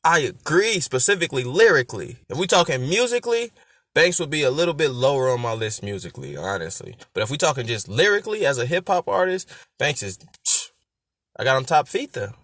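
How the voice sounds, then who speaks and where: A man hosting a rap breakdown, talking casually, laughing loudly and explaining lyrics like a teacher. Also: medium pitch, very animated, brisk, dry recording, clean studio sound. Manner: repeats lines to stress syllables. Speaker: rap reaction host.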